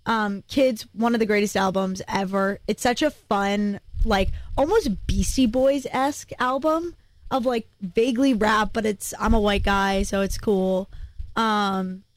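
A woman's voice: medium pitch, a little slow. A young woman co-hosting a radio music show in a studio, chatty and playful. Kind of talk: casual radio chat. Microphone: studio microphone.

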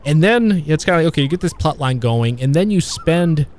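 A man in casual conversation about old films, talking in a halting, rambling way with many fillers and restarts. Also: fairly high pitch, lively intonation, a little mellow. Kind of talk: casual film discussion.

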